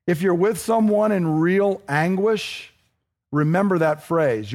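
A man's voice: sits high, slow pace, darkish tone. A middle-aged man preaching a sermon as pastor, earnest and building to emphatic intensity.

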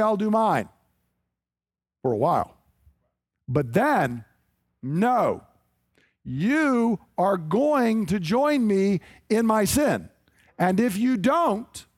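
A man delivering a sermon with a noticeably high voice, emphatic yet chatty, slipping into short acted asides. The sound is dry and close, with almost no room echo. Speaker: preacher.

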